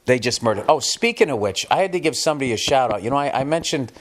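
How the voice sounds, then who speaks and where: A middle-aged American man hosts a podcast in a medium-pitched, expressive voice at a quick pace. His casual, comedic monologue rambles along, punctuated by emphatic swearing.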